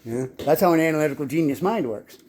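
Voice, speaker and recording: A man's voice: on the high side, lively intonation, fast, a little mellow, slight background noise. A man telling his life story in a rambling, casual monologue, swearing constantly and often stumbling and repeating words as he restarts his sentences. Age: adult.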